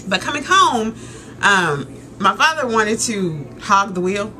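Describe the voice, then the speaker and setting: A woman in her thirties telling a story in a casual, animated rant, laughing and exclaiming as she goes. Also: mid-range voice, takes it slowly, slight background noise. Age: 30s. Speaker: vlogger.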